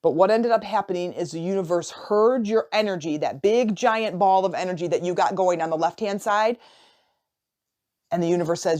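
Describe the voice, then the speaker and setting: A woman hosting a motivational coaching podcast, telling a story in a casual, animated way, often repeating and restarting her phrases. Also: lowish voice, normal speed. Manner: animated, acts out imagined dialogue. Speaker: podcast host and life coach.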